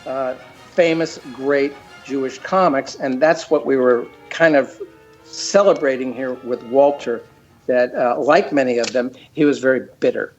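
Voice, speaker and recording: An older man, a cartoon creator and guest, telling stories in a casual chat, halting with many fillers. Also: mid-range voice, dull audio, soft background music.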